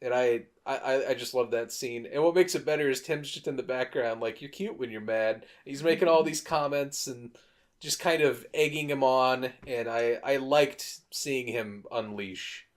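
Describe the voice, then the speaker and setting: A man co-hosting a casual movie-review podcast, telling scenes in lively detail and swearing freely. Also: medium pitch, moderate pace. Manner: animated storyteller, swears freely. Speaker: podcast co-host.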